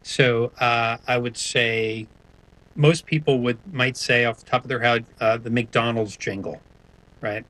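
A man's voice: mid-range voice, fairly even intonation, measured pace, bright, forceful tone, poor audio. A man speaking as a guest in an interview, answering in a hesitant way with many restarts. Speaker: sonic branding guest.

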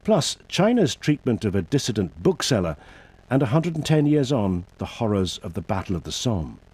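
A man announcing upcoming programme items in a lively trailer. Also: lowish voice, normal speed, slightly rough. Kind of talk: promotional trailer.

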